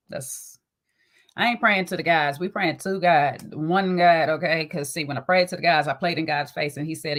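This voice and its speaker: A woman riffs on a casual livestream, her voice sitting a little low. She is sassy and talkative, greeting her chat by name and tagging on "okay?" as she goes. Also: a bit bright. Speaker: livestream host.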